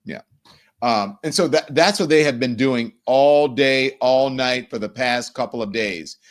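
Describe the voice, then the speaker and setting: A middle-aged man hosting a live political commentary stream, ranting in an animated, profane way. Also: mid-range voice, measured pace. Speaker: livestream host.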